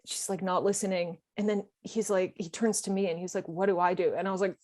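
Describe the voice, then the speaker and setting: A young woman on a podcast, telling a story in casual chat and acting out other people's lines in animated bursts. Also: mid-range voice, fast talker. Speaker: podcast guest.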